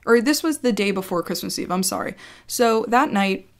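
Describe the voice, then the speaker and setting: A woman's voice: mid-range voice, lively intonation, moderate pace. A woman telling a personal story to camera in a casual vlog, chatty and blunt, swearing freely and filling with "like".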